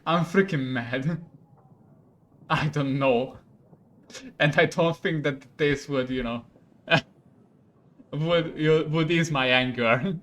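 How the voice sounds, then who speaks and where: A young man from Hungary with a Hungarian accent, a non-native English speaker, playing a game on stream, laughing often and getting worked up and loud. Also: fairly high pitch, slow, long pauses. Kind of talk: gaming commentary.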